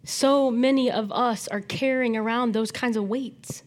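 Her voice is a little high and her pace measured as she preaches with animation. The woman drops from loud emphasis into hushed, nearly whispered asides and every so often chats with the people in the pews.

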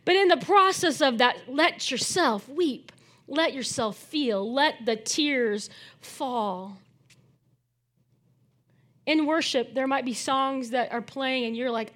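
High-voiced woman preaching conversationally. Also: takes it slowly, long pauses, a bit bright. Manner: conversational, earnest, frequent tag questions. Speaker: pastor. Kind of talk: sermon.

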